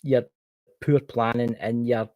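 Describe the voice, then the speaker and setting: A man's voice: medium pitch, little pitch movement, slow pace, darkish tone, dry recording. A man with a Scottish accent giving a casual tarot card reading on a livestream, chatting to a viewer by name as he turns each card.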